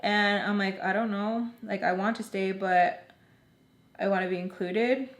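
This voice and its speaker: A young woman telling a personal story to her viewers in a loose, chatty way, full of "like" and quick quoted lines from others. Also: mid-range voice, fairly even intonation. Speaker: storytime vlogger. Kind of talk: casual storytelling. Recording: echoey room.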